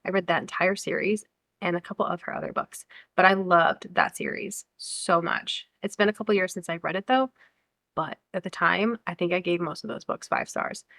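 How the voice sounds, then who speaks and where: A woman's voice: on the low side, moderate pace, vocal fry, fairly bright tone. Chatty American woman book vlogger. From United States. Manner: chatty, enthusiastic, reads blurbs aloud. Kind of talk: casual chat.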